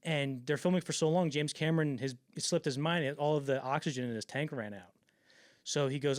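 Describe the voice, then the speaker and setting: A man hosting a podcast, telling stories in a casual, animated way with lots of swearing and restarts. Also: fairly high pitch, brisk, no echo, studio quality. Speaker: podcast host. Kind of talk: casual storytelling chat.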